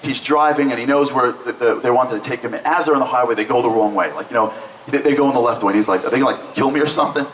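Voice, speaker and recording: A man's voice: mid-range voice, fast talker, slight background noise. Joking New man in an echoey hall. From Brooklyn, New York. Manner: lively, joking, chatty with many "like"s. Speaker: event speaker. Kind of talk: storytelling speech to an audience. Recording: echoey hall, mic at a distance.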